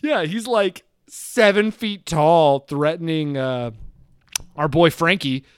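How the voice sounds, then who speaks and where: A man's voice: on the high side, takes it slowly, smooth, no room sound. A man co-hosting a casual podcast, recapping a movie, laughing often and acting out characters' lines. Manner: animated, laughs often, acts out lines in shouted voices. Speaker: podcast co-host.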